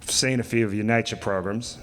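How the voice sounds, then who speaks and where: A man's voice: fairly low pitch, steady tone, a little fast, a bit bright, pitched below the performer's own voice, close to an everyday voice. A man voicing a brash, bossy outback camp mate who swears and lectures, raising his voice. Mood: lecturing. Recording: live hall with long reverb.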